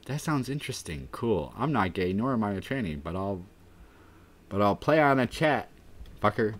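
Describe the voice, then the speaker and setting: This livestream host has a fairly low-pitched voice with big swings in pitch, speaking at normal speed. Worn out and dry-mouthed in the heat, he rambles through the chat messages in a self-deprecating way, his thoughts fading out with "I don't know."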